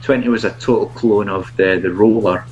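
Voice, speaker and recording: A man who reviews products, chatting as a guest in a halting, self-mocking way and laughing often. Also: fairly low pitch, fairly even intonation, dull audio, over music. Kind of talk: casual video chat.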